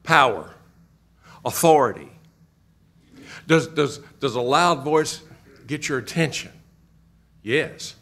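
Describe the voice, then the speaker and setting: A man's voice: mid-range voice, takes it slowly, pauses often. Man teaching a Bible class. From Kentucky. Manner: asks the class questions and repeats answers, animated emphasis. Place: church classroom.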